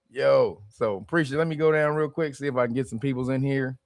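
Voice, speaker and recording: A man's voice: medium pitch, fast talker, few pauses, a little mellow, no echo, studio quality. A man hosting a casual livestream with a strained voice, chatting in loose, profane banter and laughing often. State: strained voice from screaming. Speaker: livestream host.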